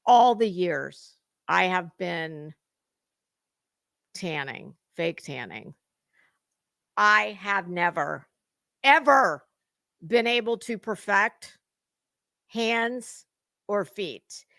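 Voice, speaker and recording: A woman's voice: lowish voice, expressive, drawn-out words, gravelly, long pauses, a bit bright, dry recording, clean studio sound. A woman hosting a casual livestream, greeting viewers in chat and talking in a salty, chatty way with cusswords. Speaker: livestream host.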